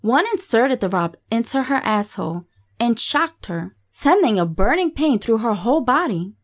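A woman reading a graphic horror story aloud in a steady, matter-of-fact way. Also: fairly high pitch, normal speed. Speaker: narrator. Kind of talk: scripted horror story narration.

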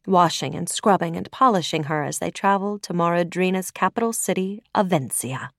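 A woman reading a fantasy novel aloud in measured storytelling narration, dropping to a hush on dark lines. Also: lowish voice, no echo, studio quality. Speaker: audiobook narrator. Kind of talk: scripted narration.

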